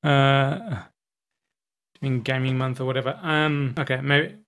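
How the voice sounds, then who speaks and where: A man chatting casually in a vlog from a small room at home, rambling in a relaxed way with fillers. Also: mid-range voice, unhurried. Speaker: YouTuber.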